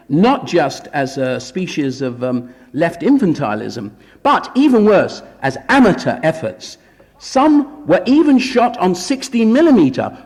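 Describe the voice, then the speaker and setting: Male guest lecturer, gravelly, dry irony, recorded with long hall reverb. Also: medium pitch, darkish tone. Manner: wry, ironic asides. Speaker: guest lecturer at a film conference. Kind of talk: academic lecture. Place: conference hall.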